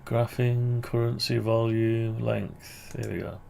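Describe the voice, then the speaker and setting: A man with a deeply gravelly, creaky voice talks slowly and unhurriedly, thinking aloud through an amateur radio antenna project at his computer. He rambles and corrects himself mid-sentence, with a faint hum of noise behind him. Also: level tone, mellow. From United Kingdom. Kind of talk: casual screen-share walkthrough.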